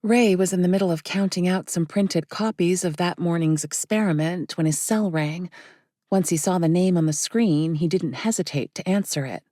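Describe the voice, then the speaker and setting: Female audiobook narrator, steady and measured; low, mellow tone with a gravelly edge. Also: dry recording, studio quality. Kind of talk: scripted narration.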